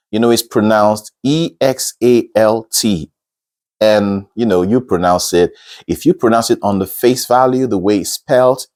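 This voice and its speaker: A man teaching singing, who explains patiently step by step, repeats words slowly and breaks into short sung examples. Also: medium pitch, a little mellow. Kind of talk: instructional talk.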